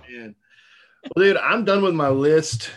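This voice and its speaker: A man's voice: fairly high pitch, lively intonation, a little slow, music in the background. A man in a casual chat who rambles with lots of fillers and laughs often while he tells a story.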